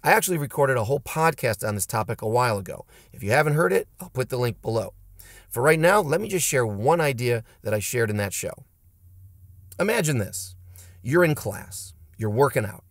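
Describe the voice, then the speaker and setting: In studio-quality audio without echo, a man who teaches martial arts and runs a channel fires off a forceful motivational talk to camera, blunt and punchy. He speaks fairly quickly in an expressive, mid-range voice.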